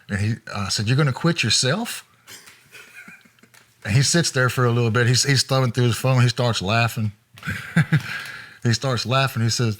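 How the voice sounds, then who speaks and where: A man, a former road manager, telling road anecdotes in a relaxed interview with frequent chuckles. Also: medium pitch, brisk. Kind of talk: storytelling interview.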